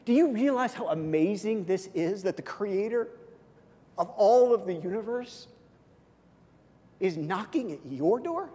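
A man preaching a sermon with a high voice that rings out in a large hall with a long reverb. He swings between loud, urgent passages and hushed, near-quiet moments, and slips into quoted voices as conversational asides. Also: sing-song, unhurried, pauses often. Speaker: pastor.

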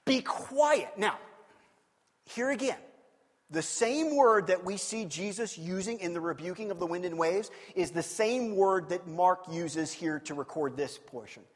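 A man preaching a sermon, animated and acting out scenes with shifting voices. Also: high voice, a little slow, in a large hall. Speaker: pastor.

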